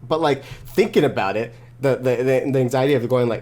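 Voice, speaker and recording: A man talking casually as an interview guest, rambling and filling pauses with "like" and "you know". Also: mid-range voice, darkish tone. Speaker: guest, wrestler and creator.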